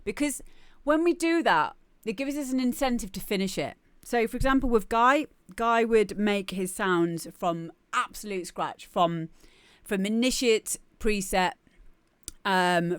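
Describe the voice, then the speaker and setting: A woman's voice: mid-range voice, a little slow, clean tone, dry recording. A woman talking casually on a live stream, chatty and repeating herself as she gives feedback on music. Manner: chatty, restarts and repeats words often.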